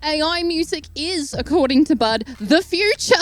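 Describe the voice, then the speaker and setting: A woman with a high voice rants sarcastically and with a lot of energy, jumping from point to point. Faint music plays underneath her. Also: measured pace. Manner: sarcastic, animated, rambling. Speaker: comedic YouTube ranter. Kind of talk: comedic rant.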